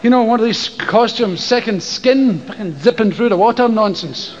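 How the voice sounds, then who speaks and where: At a live comedy venue, an older Scottish stand-up comedian tells a profane story, acting out voices and screams. His voice is high and moderately paced, and the lo-fi recording of the show picks up the crowd and noise.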